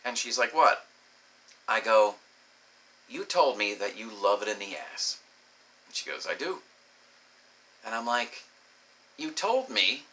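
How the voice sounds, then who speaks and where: Animated, bright-voiced man telling crude stories. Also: mid-range voice, a little hiss or hum. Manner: crude, animated, swears often. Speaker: comedic storyteller. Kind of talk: raunchy personal storytelling.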